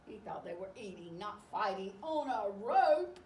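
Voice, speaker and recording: A woman reading a picture book aloud to children, animated and expressive as she tells the story. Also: medium pitch, unhurried, hardly any pauses. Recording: echoey room, distant mic, faint hiss.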